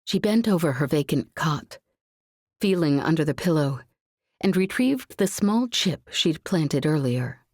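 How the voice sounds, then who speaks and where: A woman narrating a suspenseful science fiction audiobook in a measured, tense reading. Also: low voice, lively intonation, a little mellow, no room sound, clean studio sound.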